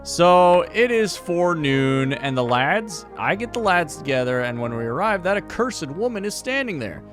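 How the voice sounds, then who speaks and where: A man voicing a gruff, grumbling male dwarf who blusters indignantly, with faint music behind. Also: a little high, very animated, moderate pace, a bit bright, voice pushed up.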